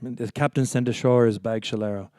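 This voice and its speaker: A folk singer from Montreal, Canada chats playfully between songs at a live concert, hesitating often and leaning on fillers. His voice is medium-pitched and warm, brisk with fairly even intonation. The sound is clean studio quality with no room sound.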